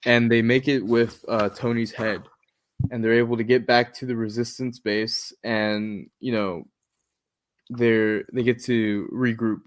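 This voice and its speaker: A man's voice: mid-range voice, measured pace. A man on a podcast, casually retelling a comic book's plot scene by scene and quoting characters' lines along the way. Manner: animated retelling with quoted lines. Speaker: podcast co-host.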